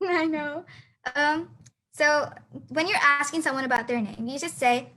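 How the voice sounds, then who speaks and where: A woman's voice: high voice, fairly even intonation, moderate pace, pushed and bright, poor audio. A teenage girl teaching a beginner lesson over a video call, hesitant with many fillers and restarts. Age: teens. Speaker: student teacher. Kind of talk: online class lesson.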